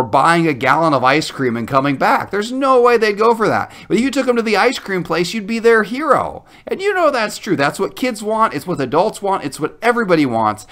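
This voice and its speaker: Lively, bright-voiced man debating. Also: high-pitched. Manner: animated, laughs often, mock-outraged. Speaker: debate show co-host. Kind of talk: playful mock debate.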